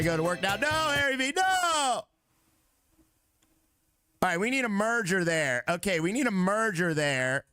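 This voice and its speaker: A man's voice: a little high, fairly bright tone. Chatty male streamer talking to chat. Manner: chatty, talks to himself and chat; joking, breaks into sung lines. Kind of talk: live game stream chat.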